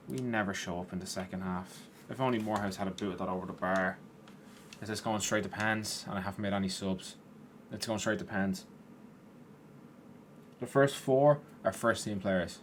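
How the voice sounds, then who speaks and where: A man's voice: lowish voice, normal speed, slight background noise. A man casually commentating over his own football video game, chatty and swearing, tired and yawning at times. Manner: chatty, swears at players, rises in excitement. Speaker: gaming YouTuber.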